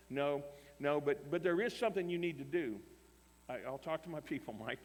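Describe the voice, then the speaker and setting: A man's voice: fairly high pitch, fast talker. A man preaching a sermon, telling a story animatedly and acting out both sides of the dialogue. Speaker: pastor. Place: camp meeting hall. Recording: long hall reverb.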